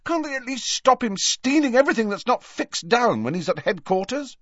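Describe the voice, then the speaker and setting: Man voicing a fuming teenage boy wizard, raised pitch, snarling, dry muffled audio. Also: sing-song, unhurried, breathy edge, dry recording, full character voice. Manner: snarling, shouting in anger. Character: furious teenage boy wizard, hot-tempered.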